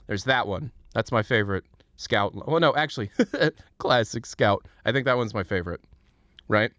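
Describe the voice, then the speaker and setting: A man's voice: lowish voice, normal speed, fairly bright tone, no room sound, studio quality. A man from the United States chatting casually on a live stream, rambling and joking as he reads chat and donations aloud. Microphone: desk mic.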